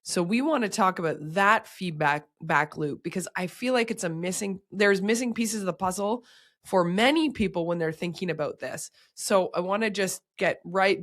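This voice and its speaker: A woman hosting a podcast with a hoarse, sick voice, explaining health topics in casual chat. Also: lowish voice. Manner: upbeat, explains physiology step by step. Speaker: podcast host.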